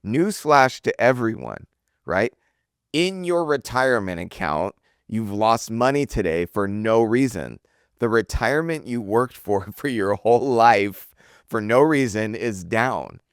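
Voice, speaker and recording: A man with a very deep, low voice speaking on a podcast. He sounds earnest and driven and keeps tagging his points with quick check-ins. The sound is dry and close, with no room echo. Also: animated, clean tone. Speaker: podcast co-host. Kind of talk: casual podcast chat.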